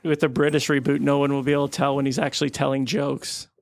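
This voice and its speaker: Brief: gravelly, slightly high deadpan co-host, dry close mic. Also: male voice, quick pace, no room sound. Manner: deadpan, goofy bits of mock-British voices. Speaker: podcast co-host. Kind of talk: casual comedic chat.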